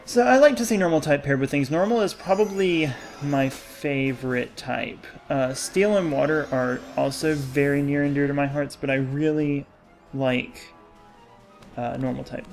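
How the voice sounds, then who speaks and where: A man's voice: on the high side, moderate pace, vocal fry, faint music behind. A young man hosting a gaming channel, rambling in casual commentary over gameplay and often losing his train of thought.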